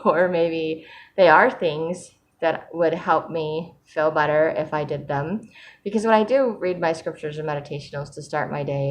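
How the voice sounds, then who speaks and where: A woman with a low voice talks through her thoughts in a reflective personal vlog. She is candid and earnest, with soft laughs and fillers as she goes. A faint hum of room ambience sits behind her. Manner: speaks of faith and gratitude. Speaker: vlogger sharing a daily writing video.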